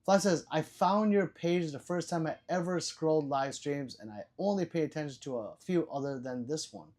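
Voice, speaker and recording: Older man, livestream host, reads chat, swears a lot, stammers, loud then mumbling. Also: a little high, normal speed. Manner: profane, rambling, stammers and repeats words; loud swings between shouting and muttering.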